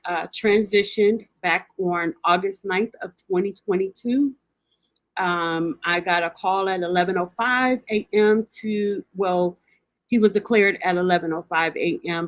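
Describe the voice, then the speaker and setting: A middle-aged woman with a fairly low voice hosts a grief recovery show. She talks in a heartfelt, halting way, full of ums and restarts, and sometimes sounds close to tears. The recording is dry and close. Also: no echo. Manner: emotional, near tears at times. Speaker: grief recovery coach and podcast host. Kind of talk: heartfelt personal address.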